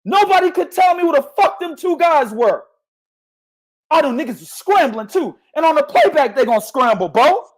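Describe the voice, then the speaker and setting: A man hosting a boxing podcast in a loud, profane rant. He shouts his points and swears freely, with no letting up. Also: very high voice, sing-song, moderate pace. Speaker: podcast host.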